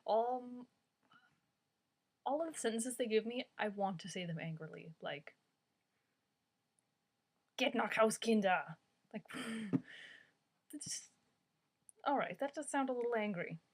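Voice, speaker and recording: A young woman chatting casually to her camera as a vlogger, wry and talkative, with plenty of filler words. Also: medium pitch.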